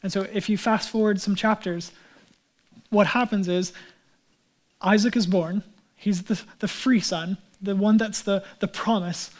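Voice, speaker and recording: A male pastor preaching a sermon in a conversational way, swinging between loud emphatic lines and hushed, near-whispered ones. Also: high-pitched, fairly even intonation, measured pace.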